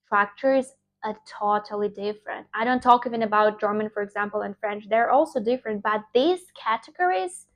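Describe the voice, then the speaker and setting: A young woman, a native Russian speaker, giving an informal motivational English lecture in an emphatic, animated way with fillers and restarts. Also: mid-range voice, a little fast, lo-fi sound. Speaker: English teacher.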